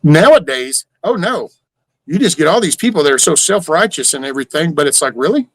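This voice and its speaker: A man's voice: a little high, animated, a little fast, no room sound, rough recording. An older man with a drawl, hosting a casual livestream and ranting in rambling, profane rhetorical questions. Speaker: livestream host.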